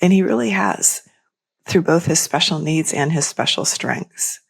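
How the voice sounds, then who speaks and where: Soft-spoken middle-aged woman telling a story slow and tender, husky raspy voice. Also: deep voice, expressive. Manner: gentle, unhurried, tender. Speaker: guest author and speaker. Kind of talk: heartfelt storytelling in interview.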